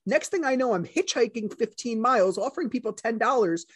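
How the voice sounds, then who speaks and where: A man's voice: extremely high pitch, animated, fairly quick, a bit bright, husky, dry recording, studio quality. A man hosting a podcast interview, reacting sympathetically with short exclamations. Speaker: podcast host. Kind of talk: casual interview chat.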